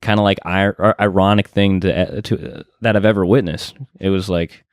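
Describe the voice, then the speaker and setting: Rambling low-voiced male comic. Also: steady tone, brisk, dry recording, clean studio sound. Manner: rambling, filler-heavy, laughs easily. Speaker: comedian. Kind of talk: casual podcast chat.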